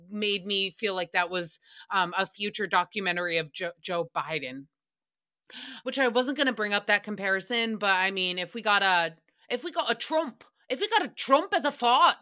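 A woman's voice: medium pitch, sharp tone. A woman hosting a podcast, chatting casually and jumping between tangents, with frequent swearing. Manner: chatty, tangent-prone, profane. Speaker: podcast host. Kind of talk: casual recap chat.

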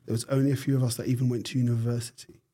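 This is a middle-aged man from the UK, a neurosurgeon appearing as an interview guest and recounting his story. He speaks in a mid-range voice that is warm yet flat, with reflective pauses and many restarts.

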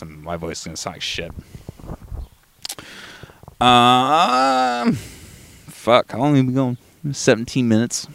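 A man's voice: deep voice, no echo. A young man hosting a casual solo podcast, rambling and swearing freely while coming down with a cold. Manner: profane, rambling, with frequent restarts and fillers. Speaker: podcast host.

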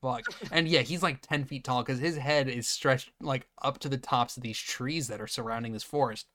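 Male podcast host, bright tone, sarcastic and swears freely while recapping. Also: mid-range voice, fairly even intonation, normal speed. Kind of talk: casual movie-riffing chat.

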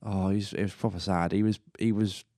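A man's voice: deep voice, little pitch movement, brisk, dark tone, no echo, studio quality. A man hosting a casual solo podcast, rambling and chatty, swearing casually and laughing at himself. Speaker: podcast host.

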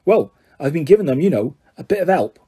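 A man's voice: on the high side, very animated, brisk, mellow, slightly rough. A man voicing a huge, good-natured gamekeeper with a hearty, boisterous manner.

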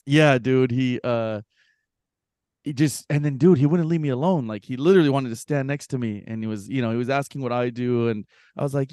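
A man with a mid-range voice speaks briskly, recorded with clean studio sound and no room sound. Co-hosting a casual podcast chat, he's an animated storyteller who laughs often, swears, and acts out what people said.

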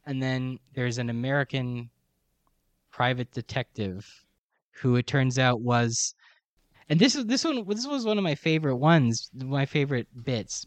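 A man's voice: medium pitch, dry recording. A man co-hosting a podcast, chatting casually about a book and working out details aloud as he talks. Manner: chatty, thinking aloud and self-correcting. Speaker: podcast co-host.

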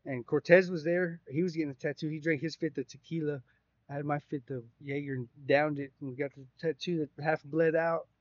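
Profane storytelling man, slightly high voice. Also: brisk, no room sound. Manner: profane, rambling, animated retelling. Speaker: podcast co-host. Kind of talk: casual storytelling. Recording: dry, slightly dull sound.

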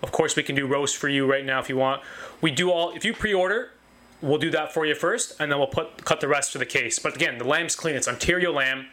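A man with a slightly raised, bright and forceful voice pitches his butcher shop with eager enthusiasm. He stacks up repeated phrases and stumbles into restarts as he talks. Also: a little fast. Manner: enthusiastic, repetitive, many restarts. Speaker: butcher shop owner, guest. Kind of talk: casual interview talk.

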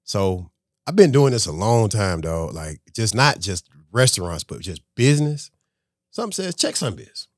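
A man tells a story on a podcast, his pitch jumping around as he acts out the other people. The sound is close and dry, with no room echo. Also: normal speed. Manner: animated, acts out conversations. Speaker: podcast guest, restaurant owner. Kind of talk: casual storytelling.

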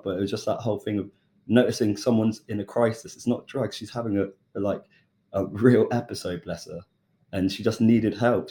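A young British man, a chef, casually telling a lively story and acting out the voices of the people in it. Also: fairly low pitch. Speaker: chef and podcast guest.

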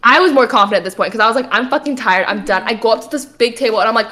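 Animated young woman telling a story. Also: a little high, rapid-fire. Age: young adult. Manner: animated storytelling, acts out quotes, frequent swearing. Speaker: podcast co-host. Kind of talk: casual chat.

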